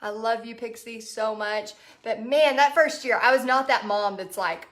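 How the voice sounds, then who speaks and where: A woman's voice: fairly high pitch, normal speed, hardly any pauses, fairly bright tone. A chatty woman with a Texan accent, hosting a casual livestream, laughing often and reading out viewer comments. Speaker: art business coach host.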